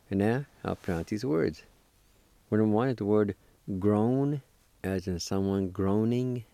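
A man's voice: lowish voice, normal speed, creaky, mellow, no room sound. A man teaching a language lesson, patiently spelling and pronouncing words syllable by syllable and encouraging the listener. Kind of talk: slow recorded language lesson.

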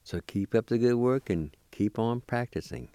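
In this slow recorded language lesson, a man encourages the listener as he patiently spells and pronounces words syllable by syllable. He speaks at a medium pitch and moderate pace with a warm, smooth tone, and there's no echo.

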